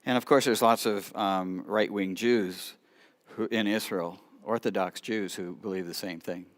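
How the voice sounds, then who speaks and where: A middle-aged man telling stories in a sermon, lively, with sudden quiet asides. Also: fairly low pitch, measured pace. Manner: animated storyteller, drops to quiet asides. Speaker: rabbi preaching at church. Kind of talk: sermon storytelling.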